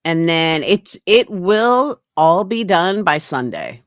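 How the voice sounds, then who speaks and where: A woman's voice: on the low side, very animated, takes it slowly, no room sound, clean studio sound. A woman hosting a casual livestream, talking bluntly with frequent swearing and answering her chat. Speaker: livestream host.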